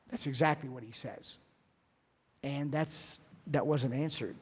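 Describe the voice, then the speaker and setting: A middle-aged man preaching a sermon, earnest and emphatic, slowing down to stress key phrases. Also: a little high, husky. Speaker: pastor.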